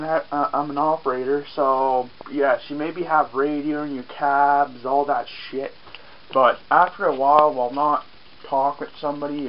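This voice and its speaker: A man's voice: on the high side, lo-fi sound, a little hiss or hum. A man with an Acadian French accent vlogging casually outdoors on a farm, rambling, joking at himself and swearing offhand. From Acadian, New Brunswick. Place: outdoors on a farm, rainy day.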